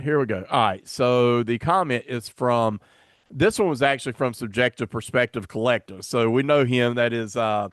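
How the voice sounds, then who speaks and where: A man's voice: medium pitch, normal speed, no room sound, clean studio sound. A man hosting a podcast in casual chat, rambling and self-deprecating as he fumbles along. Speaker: podcast host.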